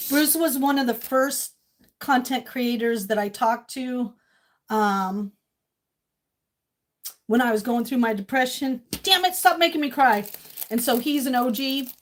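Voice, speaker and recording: Woman, 50s, from Maine, livestream host; emotional, gushing, slightly high voice. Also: measured pace, pauses often, a little hiss or hum. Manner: gushing and emotional, swings between tearful and loud squealing laughter. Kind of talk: casual livestream chat. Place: home kitchen.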